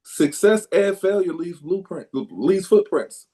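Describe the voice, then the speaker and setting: A man with a slightly high voice argues his point on a basketball podcast. He is emphatic and a bit preachy, pushing his view hard on the other hosts. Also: lively intonation, slow, warm tone. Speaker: podcast co-host. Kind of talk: casual basketball talk.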